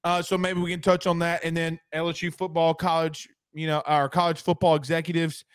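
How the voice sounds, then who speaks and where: A man's voice: fairly high pitch, flat delivery, a little fast, clean tone, no room sound, clean studio sound. A man co-hosting a sports podcast in casual chat, full of crude joking banter.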